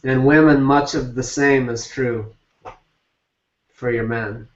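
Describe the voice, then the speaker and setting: A man's voice: medium pitch, fairly even intonation, slow pace, reverberant. A male relationship coach giving a live talk on a group call, blunt and emphatic with casual swearing. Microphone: video call. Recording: distant, dull lo-fi call audio.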